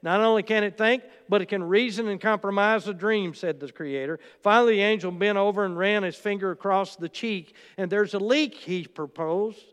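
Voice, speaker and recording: A man's voice: sits high, moderate pace, hardly any pauses, fairly bright tone, clean tone, long reverb tail. A man preaching a sermon, telling stories and quoting in a storytelling manner. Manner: storytelling with quotes and asides.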